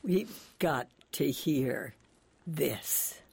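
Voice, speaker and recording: A woman hosting a radio interview, asking questions in a slow, deliberate and gentle way. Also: deep voice, animated, vocal fry, slightly rough, no room sound. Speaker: radio host.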